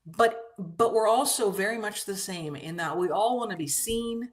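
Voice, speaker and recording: A woman's voice: medium pitch, normal speed. A woman in casual conversation, speaking reflectively and hesitantly, often restarting her sentences.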